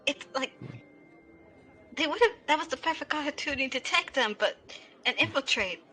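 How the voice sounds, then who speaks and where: A woman playing a tabletop role-playing game, talking in an animated, worried way. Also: sits high, moderate pace, faint music behind, low-quality recording. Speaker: player.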